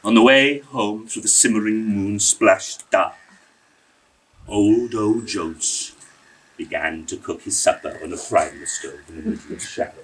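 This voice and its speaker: A man performing a story for a live audience, rhythmic and expressive, savouring every word. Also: lowish voice, recorded from a distance, slight background noise, low-quality recording. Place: indoor evening storytelling event.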